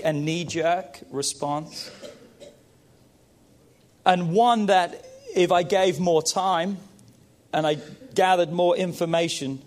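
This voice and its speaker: A middle-aged man preaching a sermon to parents, emphatic, repeating phrases and calling out to the congregation. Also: a little high. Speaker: pastor.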